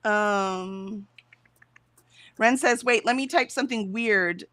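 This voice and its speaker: A woman speaks slowly in a mid-range, fairly bright voice, and the recording has no echo. Co-hosting a productivity stream, she chats casually, reads viewer comments aloud, and laughs frequently.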